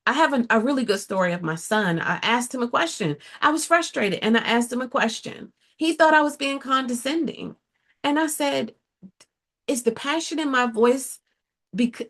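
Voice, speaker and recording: A middle-aged woman therapist talks straight to her viewers in an earnest, direct way. Her voice has a gravelly edge, and she keeps checking in with a quick "right?" as she goes. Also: fairly high pitch, fairly bright tone. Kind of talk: casual advice talk to viewers.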